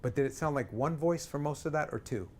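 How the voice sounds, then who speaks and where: A man teaching a singing lesson in front of an audience, coaching with lively talk and breaking into sung examples. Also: a little high, fairly quick, a little hiss or hum.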